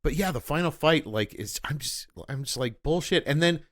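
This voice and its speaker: A man's voice: a little high, animated, normal speed, a bit bright. A man co-hosting a casual film podcast, ranting animatedly and swearing freely. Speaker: podcast co-host. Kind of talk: casual film-review chat.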